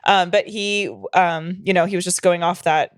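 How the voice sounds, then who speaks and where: A woman's voice: fairly low pitch, steady tone, moderate pace, clear, resonant tone, no room sound, clean studio sound. Rambling, profane young woman. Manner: loose, rambling, profane storytelling. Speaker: podcast co-host. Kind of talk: casual chat.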